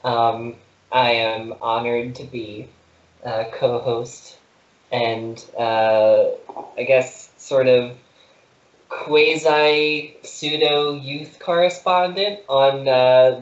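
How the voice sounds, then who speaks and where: A young adult student co-hosting a radio talk show, talking in a hesitant, rambling way from a small nook at home. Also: male voice, mid-range voice, steady tone, slow pace. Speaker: co-host, student. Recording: echoey room, muffled lo-fi audio.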